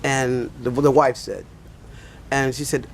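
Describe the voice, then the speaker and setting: An older man with a gravelly, creaky voice tells a rambling story, full of fillers and asides. He talks casually, like a pastor chatting with his flock. Faint noise hums behind him. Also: mid-range voice, level tone, slow. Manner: rambling anecdotal telling with many fillers. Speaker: pastor and teacher.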